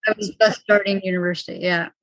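A woman in her twenties from Ontario, speaking calmly and soothingly as an interview guest on a video call. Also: mid-range voice, no room sound. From Ontario, Canada. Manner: calm, soothing, measured. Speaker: guest, mindset coach.

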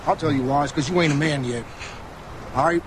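A menacing frontier trapper drawls threats in a fairly high voice, as an actor plays him. This is film audio with loud outdoor noise behind him. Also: male voice, brisk, natural voice. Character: menacing frontier trapper, grown man, brutal. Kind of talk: film dialogue.

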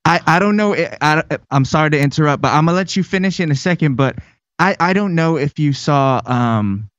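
A man doing an impression of an agitated radio host, stammering and claiming he was yelling. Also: fairly high pitch, lively intonation, a little fast, no echo. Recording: dull dry lo-fi studio sound.

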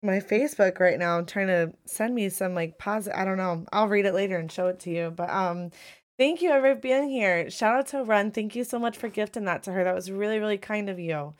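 Woman host, live stream podcast, upbeat, casual, mid-pitched voice. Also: brisk. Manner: upbeat, shouting out viewers, casual cussing.

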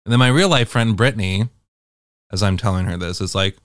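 A young adult man telling a casual, profane storytime monologue to viewers in an animated way. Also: lowish voice, moderate pace, pauses often, dry recording, clean studio sound. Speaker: vlogger.

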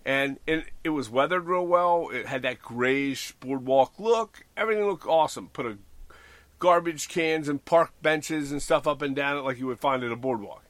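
Man, casual rambling chat, bright forceful tone, dry close sound. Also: on the high side, moderate pace, no room sound. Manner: rambling, self-deprecating, many fillers. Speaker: model railroad hobbyist podcast host.

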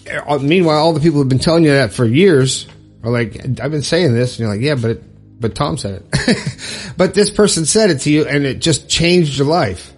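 A middle-aged man from Florida hosting a podcast, telling a personal story in a heartfelt, halting way with pauses and restarts. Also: a little high, breathy edge. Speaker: podcast host.

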